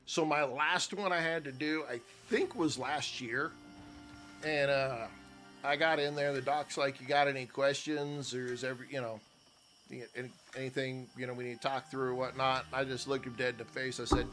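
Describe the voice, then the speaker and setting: A middle-aged man streaming a game, telling a crude story in a loose, profane, excitable way. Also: medium pitch, normal speed, faint music behind. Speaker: gaming streamer. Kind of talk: casual chat while gaming.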